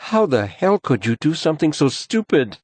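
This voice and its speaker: A man's voice: a little high, big pitch swings, moderate pace, no echo, pitched above the performer's own voice. A man voicing an irritable, patronizing husband in an audiobook. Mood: dismissive. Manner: patronizing, brushing things off. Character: irritable, dismissive adult husband.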